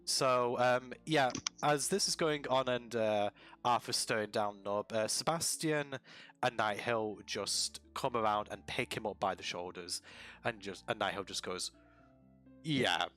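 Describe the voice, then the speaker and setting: A man's voice: on the low side, a little slow, a bit bright, faint music behind. A man running a tabletop game as dungeon master, narrating casually with many fillers. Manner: casual, with many fillers, keeps the story moving.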